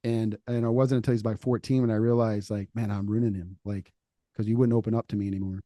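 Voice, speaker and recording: A middle-aged man on a faith podcast, talking casually and telling stories with lively acted-out quotes. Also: on the low side, fast talker, no echo. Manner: animated storytelling, acts out quoted voices. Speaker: podcast co-host.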